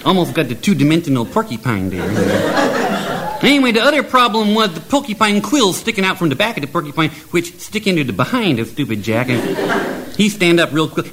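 A playful male storyteller spinning a silly fairy tale in deliberately broken grammar. His voice sits a bit high and swoops animatedly, with frequent chuckles. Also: fairly bright tone, a little hiss or hum. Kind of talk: comic oral storytelling.

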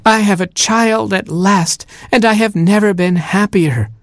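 A man's voice: medium pitch, moderate pace, dry recording, natural voice. A man voicing a wistful, weepy queen in a storybook reading, in a plaintive, lilting voice. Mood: overjoyed.

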